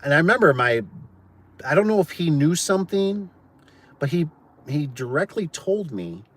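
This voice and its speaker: A man's voice: on the high side, big pitch swings, normal speed. A man who runs a garage door business, telling a work story in a casual, chatty way and often adding "like" and "right?". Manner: chatty, tosses in "like" and "right?", acts out quoted voices.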